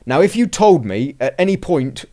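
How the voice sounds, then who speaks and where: A man's voice: fairly high pitch, big pitch swings, normal speed, mellow. A man in casual chat, recounting a tabletop game turn by turn in a rambling way, often restarting and acting out what he and his opponent said. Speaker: podcast host recounting a game. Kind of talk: casual chat, play-by-play recap.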